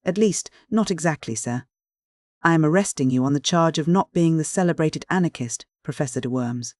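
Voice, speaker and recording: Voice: medium pitch, animated, normal speed, a little mellow, no echo, studio quality, close to an everyday voice. A reader voicing a large, civil policeman who speaks impassively. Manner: polite, impassive.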